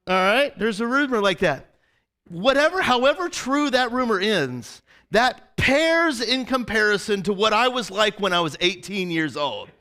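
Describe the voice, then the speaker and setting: Man preaching, high voice, rambling storyteller, "right?" asides, church sermon. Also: very animated, moderate pace, pushed and bright. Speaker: pastor. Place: church service before a congregation.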